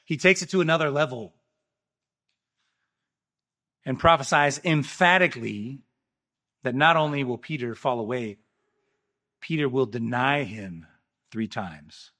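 A man with a bright, forward voice delivers a sermon as a pastor. He preaches emphatically, pushing lines up loud and letting others fall away quiet. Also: mid-range voice, unhurried, long pauses. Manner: emphatic preaching, swinging between loud rises and quiet drops.

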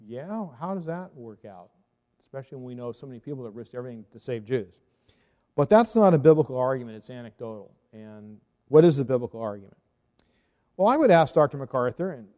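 A man giving a theology talk as a Reformed pastor, arguing earnestly and firing off rhetorical questions. His voice is mellow and warm. It trails off in a hall with a long reverb. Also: medium pitch.

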